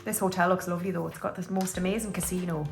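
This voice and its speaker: A woman's voice: fairly low pitch, fairly even intonation, fast talker, vocal fry, faint music behind. A woman, chatting casually to viewers while counting cash into budget envelopes. She counts aloud in a breezy way, with offhand asides, and sounds a little under the weather. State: slightly unwell, clearing throat. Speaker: budgeting YouTuber.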